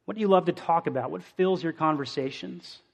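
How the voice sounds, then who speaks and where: A man's voice: on the high side, a little fast, gravelly. A young adult man preaching a sermon as a pastor, earnest and emotional, asking the listeners questions in a conversational way.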